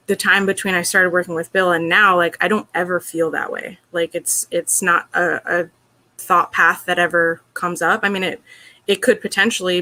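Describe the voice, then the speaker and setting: A woman's voice: lowish voice, pushed and bright. A woman being interviewed, telling a personal story in an earnest, open way, with lots of "like" and "you know". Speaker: interview guest.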